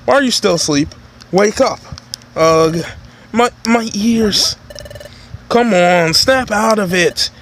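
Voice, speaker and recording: A man voicing a loud, brash male creature apprentice in a game, with slow, drawn-out, booming lines. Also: slight background noise, full character voice. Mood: bossy.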